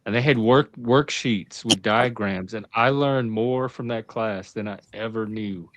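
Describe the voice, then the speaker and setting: A man's voice: lowish voice, a little slow, background noise. A man hosting a casual online talk panel, easygoing and laughing often. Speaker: former teacher. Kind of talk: casual talk-show chat.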